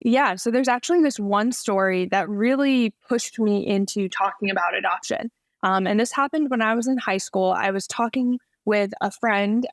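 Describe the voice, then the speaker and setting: A woman in her thirties chats on a podcast in a loose, storytelling way, full of small fillers. Her voice sits at an ordinary middle pitch. The sound is dry and close, with no room in it. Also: dry recording. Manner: chatty storytelling with many "like" fillers. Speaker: podcast guest. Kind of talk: casual interview chat.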